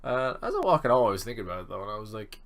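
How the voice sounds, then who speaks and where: A young man in his twenties telling a rambling, animated storytime vlog, swearing freely. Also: on the low side, very fast, gravelly. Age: 20s. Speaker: student vlogger.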